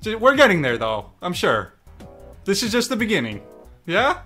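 A young man reacting to memes in casual commentary, excitable and mock-exasperated, swearing and laughing often. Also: sits high, normal speed. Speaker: YouTube meme reactor. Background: faint background music.

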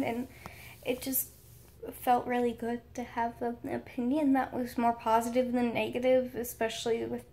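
A woman's voice: a little high, creaky, a little mellow, a little hiss or hum. A young woman telling a rambling, chatty storytime vlog to her channel. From United States. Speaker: vlogger.

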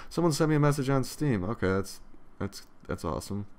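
A man's voice: medium pitch, animated, fairly quick, darkish tone. A young man giving casual, rambling gameplay commentary, swearing freely and yawning often. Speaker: let's play commentator.

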